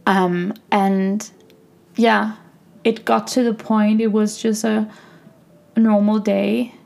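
A young woman hosting her own podcast, talking reflectively and softly in a personal monologue, with many fillers like "like". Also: mid-range voice, little pitch movement, slow, gravelly. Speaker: podcast host.

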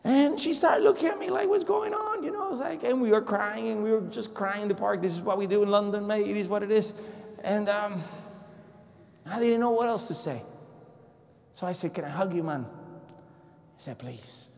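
A man preaching a sermon in a casual, conversational way, telling a story and swinging between loud bursts and hushed, near-whispered passages. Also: high-pitched, expressive, normal speed, gravelly. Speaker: pastor. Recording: long echo of a large hall.

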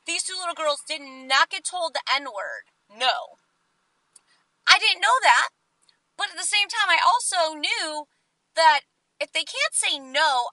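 A woman in her twenties telling a story on her vlog, chatty and animated, acting out what people said. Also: high-pitched, dry recording, rough recording. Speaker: vlogger.

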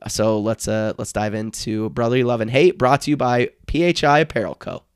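Male podcast host, hoarse and worn-out voice, upbeat sports chat, mid pitch, dry booth sound. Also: a little fast, dry recording. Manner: excited, energetic delivery. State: hoarse, strained voice.

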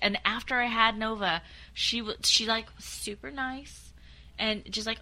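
A woman in her thirties chatting casually as a podcast host, animated and swearing freely as she acts out quotes. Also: medium pitch, a little fast. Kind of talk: casual storytelling chat.

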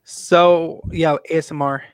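A man's voice: fairly high pitch, steady tone, measured pace, clean tone, dry recording, studio quality. A man hosting a casual podcast chat, rambling with many restarts and fillers. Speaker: podcast host.

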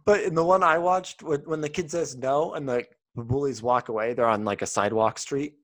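A man's voice: mid-range voice, fairly quick, a bit bright. A man co-hosting a casual podcast chat, who laughs often and acts out the lines he retells in goofy voices. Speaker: podcast co-host. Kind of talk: casual chat reviewing old TV ads.

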